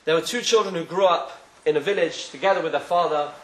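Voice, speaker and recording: Fast-talking man telling a parable. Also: fairly high pitch, reverberant, poor audio. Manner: animated storyteller, acts out voices in quotes. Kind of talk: sermon with storytelling.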